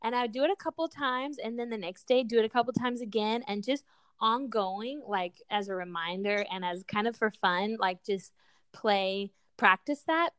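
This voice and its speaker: A woman with a slightly high voice tells lively parenting stories in a casual chat. She acts out the quoted lines and laughs often. The recording is dry and close, with no room sound. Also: moderate pace, clean tone, no echo.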